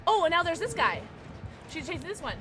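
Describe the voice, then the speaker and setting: A young adult woman streamer giving excitable live gameplay commentary, shrieking and laughing through chases. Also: extremely high pitch, fairly quick, over music.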